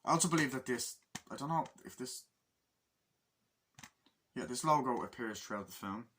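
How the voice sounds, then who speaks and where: A young man talking through a movie in a loose, chatty way, piling up "like" and "whatever" as he goes. He swears freely and keeps slipping into the characters' lines. His voice sits at an ordinary middle pitch. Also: animated, normal speed, fairly bright tone, a little hiss or hum. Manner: rambling plot retelling, swears freely, acts out quoted lines. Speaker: movie reviewer. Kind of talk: casual spoken film review.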